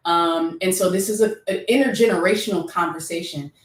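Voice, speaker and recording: A woman's voice: lowish voice, a little fast. A woman musician and youth educator introducing her songs at a concert, speaking in an earnest, reflective way. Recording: roomy sound from a distant mic with faint guitar.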